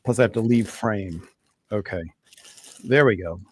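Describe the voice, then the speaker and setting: A man's voice: lowish voice, measured pace, darkish tone. Rambling, enthusiastic male live-stream host. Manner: rambling, enthusiastic, talks to himself between greetings. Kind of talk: live-stream chat greeting viewers.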